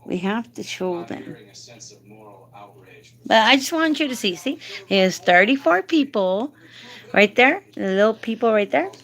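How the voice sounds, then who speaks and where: Woman, live-stream host, doting, coaxing, unhurried, slightly high voice. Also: expressive, fairly bright tone. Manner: doting, coaxing, talks to him tenderly. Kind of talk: casual live-stream chat.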